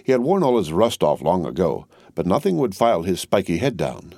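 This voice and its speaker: A man reading a classic novel aloud as audiobook narrator, measured and expressive. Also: low voice, no room sound, clean studio sound.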